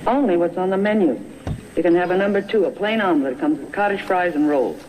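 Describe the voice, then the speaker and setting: An actor playing a curt restaurant server who sticks strictly to the rules. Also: male voice, high voice, quick pace, close to an everyday voice. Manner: curt and rule-bound. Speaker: restaurant server in a film scene. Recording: old film clip with hiss.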